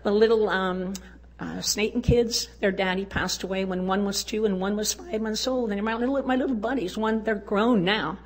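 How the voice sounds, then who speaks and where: A woman's voice: mid-range voice, moderate pace. Folksy woman storyteller at a podium. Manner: folksy, chuckles often. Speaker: women's conference speaker. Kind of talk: storytelling speech to a live audience.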